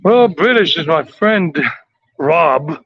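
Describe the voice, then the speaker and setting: A man's voice: fairly high pitch, lively intonation, takes it slowly, no room sound, muffled recording. An American man giving a rambling, chatty walking tour outdoors on city streets. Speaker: tour vlogger.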